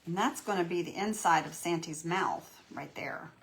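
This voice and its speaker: A woman's voice: lowish voice, moderate pace. A woman hosting a live painting demo, chatting in a folksy, encouraging way with her viewers. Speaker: craft tutorial host.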